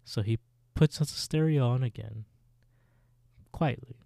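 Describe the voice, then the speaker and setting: Slow, gravelly male podcast co-host. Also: mid-range voice, mellow, dry recording, studio quality. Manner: laid-back storytelling with laughs. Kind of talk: casual recap chat.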